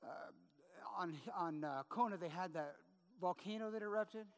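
A middle-aged man preaching a sermon as pastor, conversational and full of quick "right?" asides to the congregation. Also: high voice, clear, resonant tone, in a large hall.

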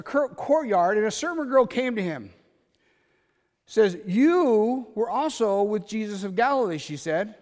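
A man preaching a sermon in a conversational way, alternating loud emphatic lines with quiet asides. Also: high voice, big-room sound. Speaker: pastor.

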